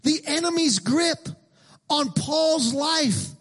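High-voiced, emphatic male pastor preaching. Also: expressive, slow pace. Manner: emphatic, repetitive preaching that builds into shouted lines. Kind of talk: sermon.

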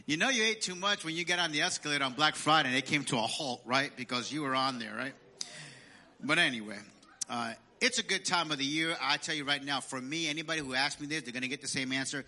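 A man preaching a sermon as a pastor, calling on the congregation to repeat phrases and rising louder and higher when quoting scripture. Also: quick pace. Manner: preaching with call-and-response prompts.

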